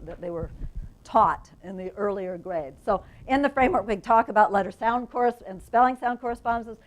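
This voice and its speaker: A woman's voice: medium pitch, low-quality recording. Woman lecturing teachers, engaged. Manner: enthusiastic, asks the audience questions, frequent "right?". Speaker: university reading methods instructor. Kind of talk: professional development lecture. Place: conference room.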